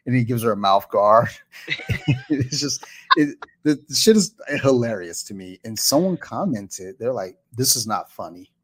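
A man's voice: mid-range voice, animated, moderate pace. A man hosting a podcast in casual chat, easygoing, laughing often and swearing casually. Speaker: podcast host.

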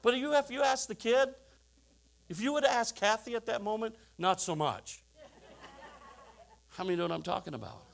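A man's voice: sits high, animated, normal speed, vocal fry, long pauses. A middle-aged man preaching a sermon, telling stories with chuckling asides and rhetorical questions to the congregation. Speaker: pastor.

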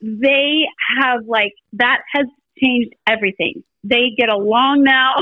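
Middle-aged woman, podcast guest, storytelling chat, higher voice, muffled lo-fi audio. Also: slow, dry recording. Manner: animated storyteller acting out family dialogue.

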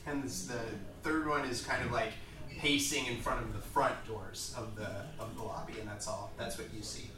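A man narrating as game master of a tabletop game, loose and halting, with many fillers. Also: medium pitch, steady tone. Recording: echoey room, distant mic.

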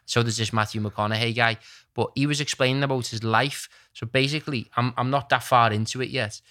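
A man's voice: medium pitch, steady tone, fairly quick, pushed and bright. A young man telling a long story in casual chat, rambling and full of slang.

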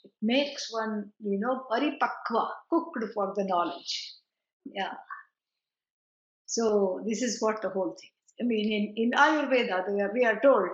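A woman giving a chatty, digressive spiritual lecture, with quick laughs and asides. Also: mid-range voice. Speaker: teacher of scripture. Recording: roomy, dull lo-fi recording.

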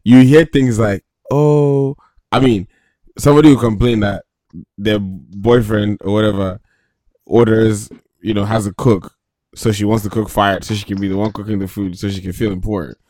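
A man co-hosting a casual chat, talking in a measured, reflective way. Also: on the low side, fairly even intonation, warm tone, no room sound.

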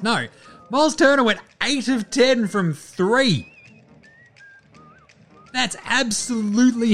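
A man hosting a basketball show in casual solo commentary, loose and chatty, with the odd swear word. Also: fairly high pitch. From Australia. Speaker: basketball podcast host.

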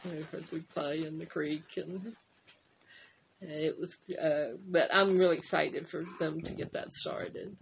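An older woman co-hosting a casual chat, reminiscing in a rambling, halting way with many fillers. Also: low voice, steady tone, gravelly, highs cut off, a little hiss or hum. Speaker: co-host.

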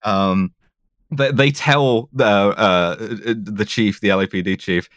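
A man's voice: on the low side, slow, a bit bright, no room sound, studio quality. A man co-hosting a podcast, casually recapping a film scene by scene, swearing and restarting his sentences. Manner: sweary, retells scenes step by step with many restarts. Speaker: podcast co-host.

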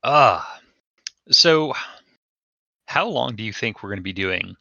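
A man hosting a casual podcast chat, relaxed and conversational, asking his co-player questions. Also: on the low side, slow pace, vocal fry, dry recording, muffled recording. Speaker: podcast host.

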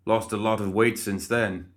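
A man's voice: fairly low pitch, steady tone, moderate pace, lightly acted. A man voicing a boastful, condescending undead man who is only a severed head, in a storybook reading. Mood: smug. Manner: smug and boastful.

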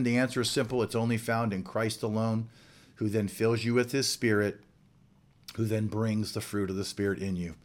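A man delivers a sermon with earnest emphasis, leaning on repetition to drive his points home. His voice sits at an ordinary middle pitch for a man. He addresses the listeners directly, like a preacher from the pulpit.

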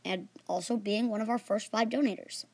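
A girl hosting her own storytelling podcast, reading in an earnest, animated way with small slips. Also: medium pitch, a little fast, husky, dry recording.

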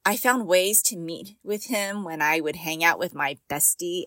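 A woman's voice: lowish voice, animated, moderate pace, hardly any pauses, fairly bright tone, no room sound. Woman, middle-aged, podcast host, chatty, encouraging, laughs often, dry close recording. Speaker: podcast host and mom coach. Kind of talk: casual podcast monologue.

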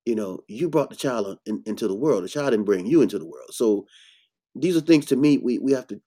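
Male herbalist host, blunt and preachy, mellow dark tone, emphatic bursts. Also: mid-range voice, lively intonation, brisk. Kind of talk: casual health talk.

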